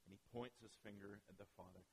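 A man preaching a sermon, retelling a story with animated dramatic pauses. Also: lowish voice, breathy edge, poor audio. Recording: faint hiss.

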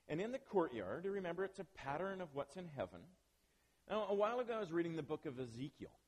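Male pastor, slightly high voice, conversational sermon with chatty asides, church hall echo. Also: big pitch swings, fairly quick, a little mellow, slightly rough. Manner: conversational, self-deprecating asides to the congregation. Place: church building. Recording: long reverb of a church hall.

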